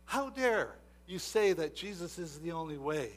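A high-voiced, bright-toned male preacher. He drifts into soft asides, then builds to loud, emphatic exhortation, often repeating and restarting his words. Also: lively intonation, moderate pace, hardly any pauses. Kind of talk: sermon.

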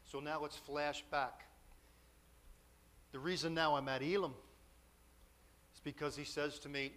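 A man's voice: fairly high pitch, little pitch movement, a little slow, pauses often, fairly bright tone. A man preaching a storytelling sermon, confessional and emotional, with self-deprecating humor.

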